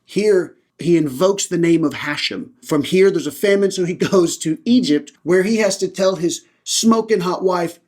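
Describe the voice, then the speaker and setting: A man with a fairly high voice reads scripture aloud and then retells it with casual, irreverent humor. He talks like a lay teacher chatting on his own podcast. His delivery is loose and joking rather than preachy. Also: normal speed, few pauses, darkish tone.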